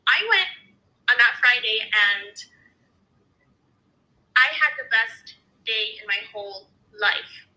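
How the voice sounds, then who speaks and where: A woman in casual conversation, telling a personal story in an animated way and acting out the people she quotes. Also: on the high side, slow pace, long pauses, rough recording. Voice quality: expressive, animated storyteller who acts out quotes.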